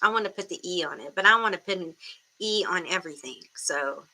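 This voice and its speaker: A woman's voice: on the low side, brisk, bright, forceful tone. A woman hosting a tarot livestream from her room, chatting casually on a webcam and greeting viewers by name. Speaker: tarot reader livestream host.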